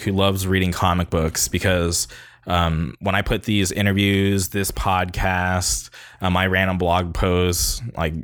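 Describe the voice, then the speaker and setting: A man with a deep, low voice hosts his podcast in a loose, rambling monologue. He sounds upbeat and chatty, and the recording is close and dry with no room sound. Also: fairly bright tone, no echo. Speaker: podcast host. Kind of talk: casual spoken monologue.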